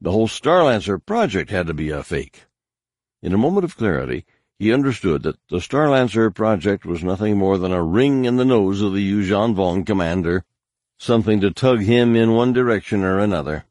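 A man with a very low, deep voice reads a science-fiction audiobook in a measured, steady way. The sound is close and completely dry, like a studio booth. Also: no room sound. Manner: measured, even storytelling. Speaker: audiobook narrator. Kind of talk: scripted audiobook narration.

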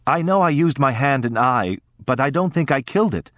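A man voicing an anxious young boy who pleads in halting bursts and breaks into tears, in a storybook reading. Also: mid-range voice, expressive, no room sound, clean studio sound, pitched above the performer's own voice, lightly acted. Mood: earnest, troubled.

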